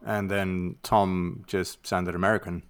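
A man joining a casual film podcast as a guest, making measured, wry comparisons. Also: low-pitched, level tone, smooth.

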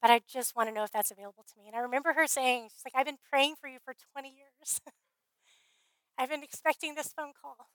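A woman speaker at a conference, telling her faith story in an earnest, heartfelt way, often trailing off softly. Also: sits high, steady tone, a little fast, dry recording, rough recording. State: briefly emotional. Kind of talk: faith testimony talk.

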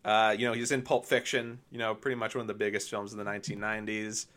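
A man's voice: on the low side, little pitch movement, fast, a bit bright. A man co-hosting a podcast, chatting casually and enthusiastically about films with many fillers. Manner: rambling, filler-heavy, enthusiastic. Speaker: podcast co-host. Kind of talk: casual film chat.

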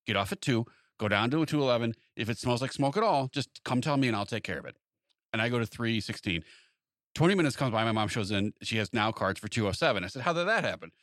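Fast-talking man telling a story. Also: mid-range voice, no room sound, clean studio sound. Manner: animated anecdote-telling, acts out quoted exchanges. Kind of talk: casual chat.

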